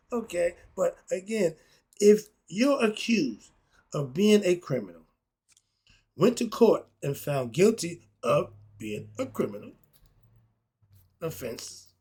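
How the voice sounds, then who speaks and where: A middle-aged man, giving a blunt, ranting opinion monologue that swings between muttering and loud outbursts. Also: high-pitched, breathy edge. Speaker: commentary vlogger.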